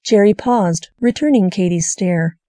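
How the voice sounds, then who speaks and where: A woman audiobook narrator reading crime fiction in a steady, even scripted narration. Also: mid-range voice, unhurried, dry recording, clean studio sound.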